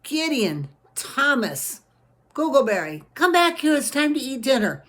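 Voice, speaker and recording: A woman voicing a gentle, loving mother in a read-aloud family story, speaking softly and tenderly. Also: lowish voice, measured pace, vocal fry. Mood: calling.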